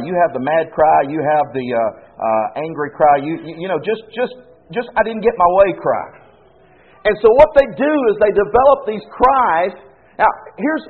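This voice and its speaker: Man preaching, lively swinging pitch, husky voice, thin phone-like sound. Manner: animated, emphatic, repeats phrases. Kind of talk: sermon. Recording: tinny phone-like lo-fi recording.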